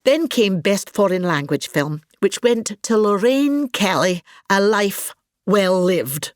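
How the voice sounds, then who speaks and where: A pompous older Scottish actress. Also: female voice, medium pitch, expressive, slow pace, no room sound, studio quality. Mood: grand. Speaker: comic monologue narrator. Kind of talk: scripted comic monologue.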